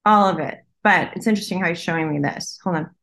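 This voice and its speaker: A woman working as a medium, passing on messages in casual conversation and often pausing to listen. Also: on the low side, a bit bright. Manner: hesitant, breaks off to listen. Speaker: psychic medium.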